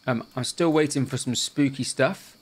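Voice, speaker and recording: A man's voice: medium pitch, normal speed. A man hosting a gaming channel, chatting through a let's play in an easygoing way and thinking aloud as he goes.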